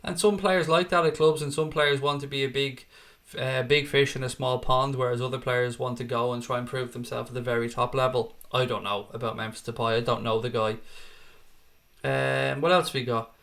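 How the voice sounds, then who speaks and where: A man's voice: mid-range voice, steady tone, normal speed, vocal fry, a bit bright. An Irish man hosting a fan channel, chatting casually and rambling through viewer comments with self-deprecating asides. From Ireland. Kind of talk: casual live-chat commentary.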